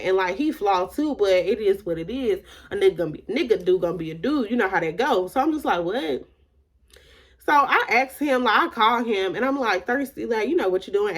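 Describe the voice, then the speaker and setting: Candid woman telling a storytime. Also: mid-range voice. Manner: emphatic, repeats "like" often; candid, retells dialogue with shifting emphasis. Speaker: storytime vlogger. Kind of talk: casual storytime.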